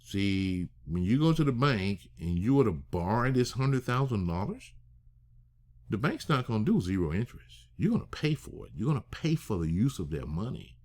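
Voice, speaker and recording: A man teaching a masterclass on structuring deals, emphatic, asking rhetorical questions and slowing down to stress key phrases. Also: lowish voice, sing-song, darkish tone. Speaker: real estate finance instructor.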